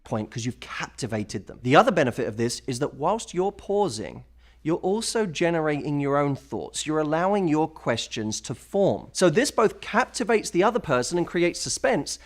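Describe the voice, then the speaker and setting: A man's voice: a little high, very animated, normal speed. A man presenting dating and conversation advice in a polished, upbeat way, acting out sample lines. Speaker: dating coach in a played video.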